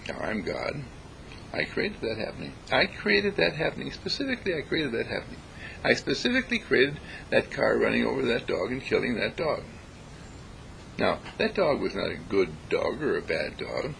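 A man giving a reflective spiritual talk, deliberate and emphatic, repeating phrases to stress them. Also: mid-range voice, huge pitch swings, creaky, fairly bright tone, slight background noise, low-quality recording. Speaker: spiritual speaker.

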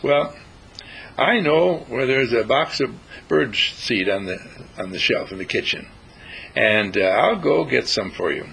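A man voicing a gentle house cat that speaks in an easygoing, kindly manner. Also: medium pitch, animated, a little slow, creaky, slightly rough, full character voice, low-quality recording.

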